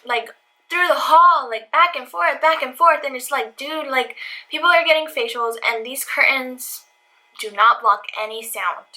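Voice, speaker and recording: A woman's voice: sits high, background noise. A young woman vlogger telling a casual storytime, chatty and full of "like", recorded at home on a camera mic. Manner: chatty, heavy use of "like".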